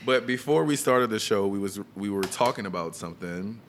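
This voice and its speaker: A young man with a very low voice co-hosts a podcast in casual banter. He sounds relaxed and laughs easily, slowing down to spell things out. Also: a little hiss or hum. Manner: laid-back, laughs often, drawls when reading out details. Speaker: podcast co-host. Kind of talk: casual chat.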